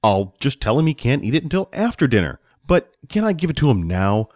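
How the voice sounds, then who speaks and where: A man's voice: mid-range voice, sing-song, fairly quick, darkish tone, no room sound, clean studio sound, natural voice. A man reading aloud and voicing a mild, doting father in a clean pressed suit in a storybook.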